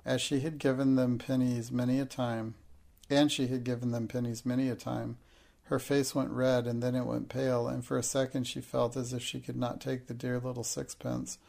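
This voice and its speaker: A man reads a children's novel aloud in a steady, measured way. His voice is gravelly and his delivery stays level, with little rise and fall. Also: medium pitch. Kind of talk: audiobook narration.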